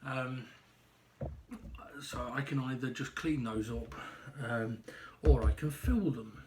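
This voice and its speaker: A man talking through a casual personal video diary at home, out of breath and halting, with frequent ums and restarts. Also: mid-range voice, background noise. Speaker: vlogger.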